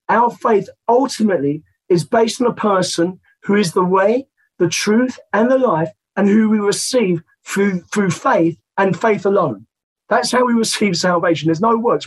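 A man preaching a sermon in a high, husky voice made croaky by a sore throat. He reads scripture slowly and deliberately and repeats key phrases for emphasis. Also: poor audio. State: hoarse.

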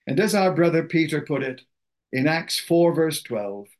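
A man preaching a sermon, reading scripture aloud and explaining it with slow, deliberate emphasis. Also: fairly high pitch, expressive.

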